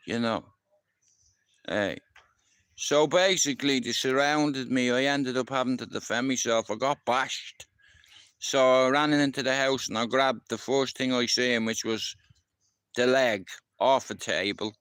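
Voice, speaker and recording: Middle-aged Irish man, livestream storyteller, rough street talk, clear smooth voice, dry mic. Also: medium pitch, unhurried, a bit bright, dry recording. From Ireland. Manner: rambling, swears freely, keeps asking if you understand. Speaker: livestream host. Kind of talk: casual storytelling.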